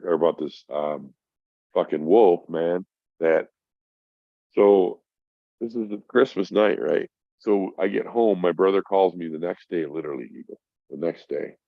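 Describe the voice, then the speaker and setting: Through a dry, dull lo-fi recording comes a deep, creaky male voice speaking a little slowly. He's a middle-aged podcast guest, high and casual, wandering through a story laced with swearing.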